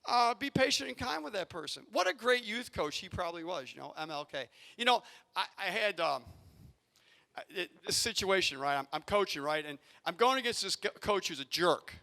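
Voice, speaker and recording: A man who coaches youth sports, telling a coaching story to a community audience and acting out his own yelling from the sidelines. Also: sits high, fairly quick, gravelly. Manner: animated, acts out yelling in his stories. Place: arena event space.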